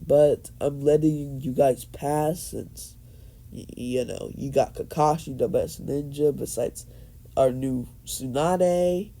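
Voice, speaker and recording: A man's voice: medium pitch, slow pace, warm tone, poor audio. A man doing a patient old village leader. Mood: explaining. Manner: explaining, hesitant with fillers.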